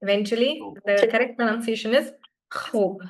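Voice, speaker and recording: A woman's voice: fairly high pitch, normal speed. A woman from India teaching a live beginner French class, patiently repeating words for students to echo.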